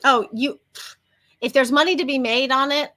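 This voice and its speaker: A chatty woman co-hosting a casual livestream, her voice bright and lively. She sits a little high in pitch for a woman and runs off on long tangents as she talks. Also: moderate pace. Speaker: co-host.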